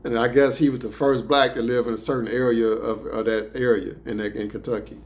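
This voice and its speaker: A man's voice: medium pitch, little pitch movement, brisk, darkish tone. A man casually telling stories about prison transport and life inside, in loose streetwise slang with plenty of swearing. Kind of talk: casual storytelling.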